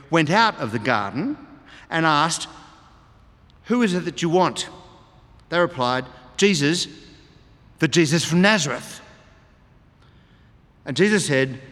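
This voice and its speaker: A man's voice: a little high, fairly bright tone. A man preaching a sermon, reading scripture aloud and explaining it with emphatic repetition. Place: church hall. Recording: long hall reverb.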